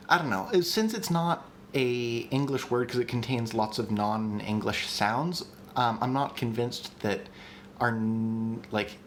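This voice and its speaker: A man of middle pitch talks through a casual live-stream lesson at a desk mic. He sounds chatty and eager, full of ums and restarts. A faint hum of room ambience sits behind him. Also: fairly bright tone. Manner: chatty and enthusiastic, with many ums and restarts, reads chat aloud. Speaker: streamer teaching language construction.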